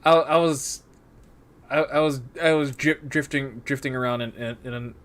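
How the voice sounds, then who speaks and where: Podcast host, a man, mid-pitched, restarts a lot. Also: steady tone, moderate pace, fairly bright tone. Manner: stammering, repeats words often. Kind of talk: casual chat.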